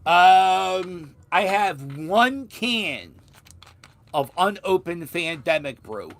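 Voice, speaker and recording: A man's voice: sits high, lively intonation, drawn-out words, creaky, a bit bright. A man from Philadelphia with a Philadelphia accent, telling a story in a casual vlog, rambling with restarts and the odd swear word. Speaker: vlogger.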